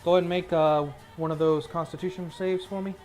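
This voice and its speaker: A man with a fairly high voice runs a tabletop fantasy game, explaining the rules and then narrating the combat in a relaxed, descriptive way. Soft music plays under the talk. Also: fast. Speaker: game master.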